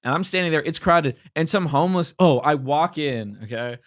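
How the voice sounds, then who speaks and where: A man's voice: on the high side, moderate pace, no echo, studio quality. A man from Los Angeles, a comedian guest, telling stories in a loose, rambling way, full of "like" and "dude". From Los Angeles, USA. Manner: rambling, slangy, lots of "like" and "dude". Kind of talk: casual storytelling chat.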